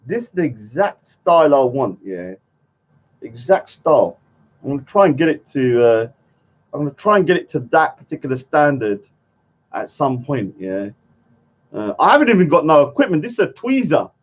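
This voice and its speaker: Over dull lo-fi stream audio, a man who streams his art talks casually and mutters to himself as he hunts for things. He speaks at normal speed in a fairly high, very animated voice with a breathy edge.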